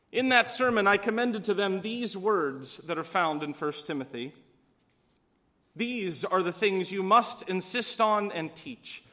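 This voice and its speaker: A man preaching from the pulpit in a high, bright voice. He tells stories and gives each speaker in them a voice of its own. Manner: storytelling with voiced quotes. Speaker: pastor. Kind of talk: sermon.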